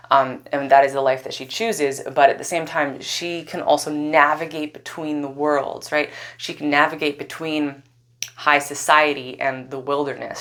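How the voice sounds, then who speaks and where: A woman casually retelling a myth in a chatty, animated way, full of "like" and "right?" asides. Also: very deep voice. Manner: animated, swears, many "like" and "right?" asides, laughs often. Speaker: spiritual storyteller.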